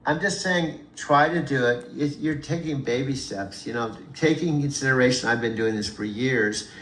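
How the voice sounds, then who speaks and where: Everyday mid-pitched man, gentle teacher energy, recorded in a reverberant room with low noise. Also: moderate pace. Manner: patient, encouraging, laughs easily, repeats himself. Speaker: chanting practitioner coaching an AI. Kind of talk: casual instructional talk. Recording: echoey room with faint background noise.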